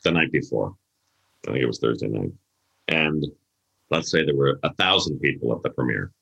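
Middle aged guy with a low bright voice telling stories in an echoey room, does all the voices. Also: moderate pace, gravelly, highs cut off. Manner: animated storyteller acting out quoted voices. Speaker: guest, event planner. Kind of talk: casual storytelling interview.

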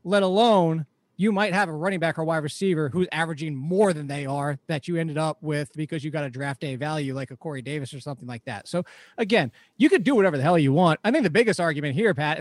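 A man's voice: on the high side, no echo. A man hosting a fantasy football podcast, chatty and rambling in casual talk. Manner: chatty, rambling, laughs easily. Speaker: podcast host.

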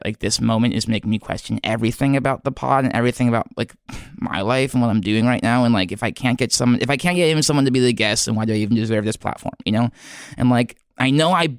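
A man hosting a podcast in a rambling comedic monologue, halting and earnest, full of fillers and restarts, sounding self-doubting. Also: mid-range voice, gravelly, no echo, studio quality. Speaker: podcast host.

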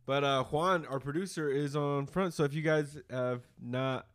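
A man's voice: a little high, fairly even intonation, normal speed. A man hosting a podcast in casual chat, telling stories animatedly, acting out quotes and swearing freely. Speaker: podcast host.

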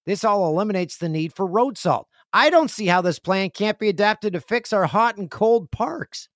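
A man's voice: animated, moderate pace, no echo, clean studio sound. A man hosting his podcast in a casual, jokey chat, reading emails and acting out friends' reactions. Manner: chatty, jokey, acts out friends in loud high voices. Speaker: podcast host. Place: home studio with stairs nearby.

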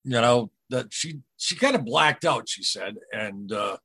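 As a podcast guest, a man tells a personal story casually in a husky, slightly rough voice that's mid-range, animated, and a bit bright. He speaks earnestly and haltingly, circling back to retell what others said to him. The recording is close and dry, with no room sound.

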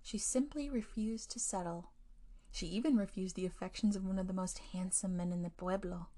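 A woman hosting a storytelling podcast, narrating a scripted ghost tale in a hushed, often near-whispered delivery. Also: mid-range voice, fairly quick.

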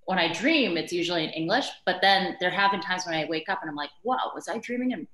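A woman speaks in a fairly low voice, candid and animated as she chats as a podcast guest. Her voice rings a little in a roomy space. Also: fast. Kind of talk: casual conversation.

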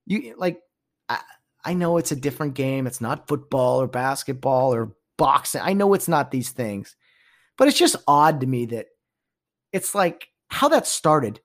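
A man hosts his own podcast, ranting loosely about sports etiquette. He sounds incredulous and animated, jumping into mock voices and hushed whispers to act out what others say. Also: a little high, unhurried. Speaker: podcast host. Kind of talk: casual sports rant.

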